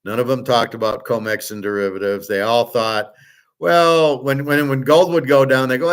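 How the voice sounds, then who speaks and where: A man's voice: medium pitch, fairly even intonation, moderate pace, smooth. A man hosting his own show, talking alone in a blunt, rambling rant, swearing and mocking others. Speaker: host. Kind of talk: opinionated monologue.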